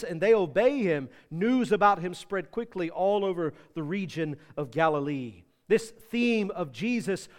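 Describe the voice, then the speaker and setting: Pastor, male, emphatic sermon delivery, high voice, long reverb of a church hall. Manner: emphatic, swings between loud and soft.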